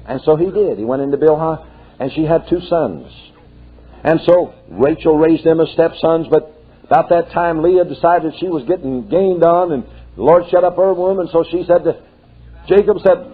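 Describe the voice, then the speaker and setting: A man's voice: on the high side, moderate pace, breathy edge. An older male preacher telling folksy stories in a sermon and rising to fervent exclamations. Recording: tinny lo-fi tape.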